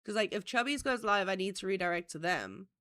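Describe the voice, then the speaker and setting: A woman's voice: medium pitch, expressive, fairly quick, bright, forceful tone. A woman hosting a casual livestream, nasal and congested from a cold, giggly and blunt with swearing. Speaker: livestream host.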